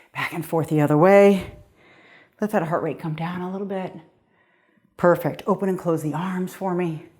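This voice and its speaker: A woman's voice: fairly low pitch, a little mellow. A middle-aged woman fitness coach leading a guided workout, upbeat and encouraging, a little out of breath as she calls out the moves. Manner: upbeat, encouraging, counting down reps. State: slightly out of breath.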